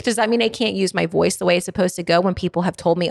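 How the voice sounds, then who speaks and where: A woman's voice: mid-range voice, fast talker, gravelly, hardly any pauses, no room sound, studio quality. A woman podcast host with a Baltimore accent, giving an earnest, faith-based motivational talk, repeating phrases for emphasis and laughing between thoughts. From Baltimore, USA.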